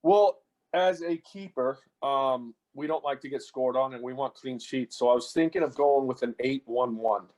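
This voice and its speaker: A relaxed American man talking as a podcast guest, trading jokes with the hosts. His voice has an ordinary, mid-level pitch. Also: moderate pace. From United States. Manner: easygoing, joking. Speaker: guest, former goalkeeper. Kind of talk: casual podcast interview.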